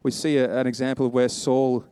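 A male preacher gives a relaxed, chatty sermon and retells the story in everyday speech. His voice sits at a middle pitch, and the recording is dry and close, with no room echo. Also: brisk, clear, resonant tone. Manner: casual storytelling, acts out characters' quotes.

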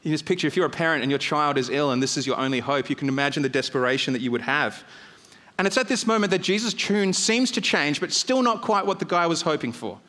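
A man's voice: a little high, fast talker. Man preaching in a reverberant hall. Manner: storytelling, animated, rising on emphasis. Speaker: pastor. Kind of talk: conversational sermon.

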